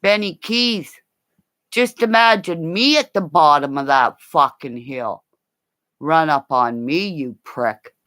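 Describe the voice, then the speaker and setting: A woman ranting in a rambling, profane livestream, swinging between low growling threats and high shouting. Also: slow pace.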